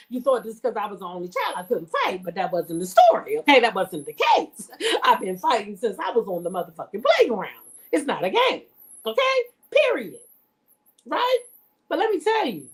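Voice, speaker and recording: A woman vlogger telling stories and commenting in a blunt, profane, emphatic way while talking straight to her viewers. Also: high voice. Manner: addresses viewers directly. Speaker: vlogger reacting to reality TV. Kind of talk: casual storytelling commentary.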